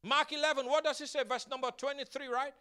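A man preaching a sermon as pastor. He reads scripture slowly and deliberately, asks the congregation to repeat after him, and builds to loud, emphatic declarations. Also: very high voice, flat delivery. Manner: preaching with call-and-response to the congregation; slow deliberate scripture reading.

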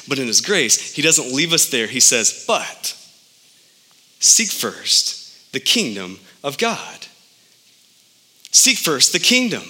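A man in his thirties preaching a sermon as pastor, animated, with his pitch jumping up for emphasis. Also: slow, pauses often, slightly rough.

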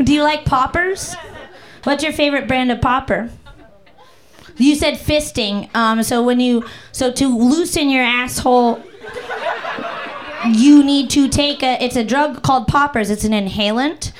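A woman's voice: high voice, a little slow. A woman doing profane, playful crowd-work stand-up on a comedy club stage with a handheld mic. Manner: brash, profane, playful, bursts into song.

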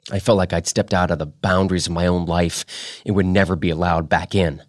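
A podcast host reads fiction aloud in a deep, low voice. His delivery is steady and measured. The recording is dry and close. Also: dry recording.

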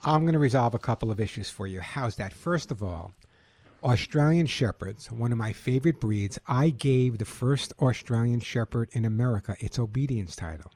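A man's voice: mid-range voice, expressive, moderate pace, darkish tone. A middle-aged man hosting a call-in pet radio show, chatty and enthusiastic with a joking manner.

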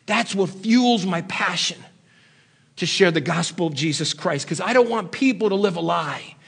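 A man delivers an impassioned sermon in a high, breathy voice. He sinks to low, quiet stretches and then climbs to loud, raised pleas. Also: lively intonation, moderate pace. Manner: impassioned, swings between hushed low lines and loud raised ones. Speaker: preacher.

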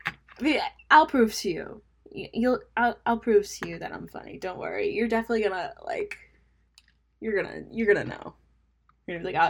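On her casual solo podcast, a young adult woman rambles, mocks herself, laughs at her own jokes and mutters asides. Her mid-range voice is husky and fairly bright, with lively intonation, a normal speed and long pauses.

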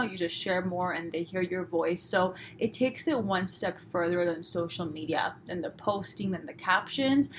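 A woman from Los Angeles with a Southern California accent, hosting her own podcast in a chatty, upbeat solo talk. She talks fast and pronounces her words crisply. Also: on the low side, a little hiss or hum. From Los Angeles, USA. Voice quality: fast-talking, crisp pronunciation. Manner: chatty, upbeat, many fillers. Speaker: podcast host. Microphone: podcast microphone.

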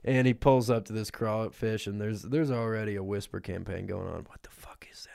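A man's voice: on the low side, moderate pace, vocal fry, a little mellow, smooth, no room sound, clean studio sound. A man co-hosting a podcast, laughing a lot as he swaps crude, silly improvised stories. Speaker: podcast co-host. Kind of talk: casual comedic improv chat.

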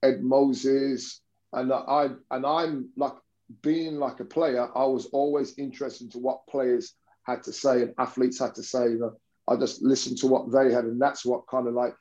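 A man's voice: medium pitch, level tone, moderate pace, a little mellow, dull audio. A man, a basketball coach telling stories in an interview, rambling with many restarts. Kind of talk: conversational interview storytelling.

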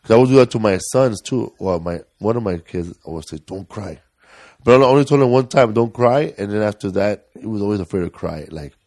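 A man's voice: on the low side, expressive, quick pace, few pauses, darkish tone, no room sound, clean studio sound. A man hosting a podcast, talking candidly and joking between heavier moments. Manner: joking, candid, drifts into heavy talk. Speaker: podcast host. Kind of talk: casual chat.

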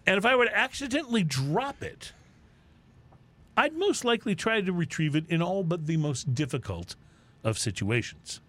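A man's voice: sits high, normal speed. A man co-hosting a podcast, casually chatting and reading out comic news stories. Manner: jokey, animated storyteller. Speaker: podcast co-host.

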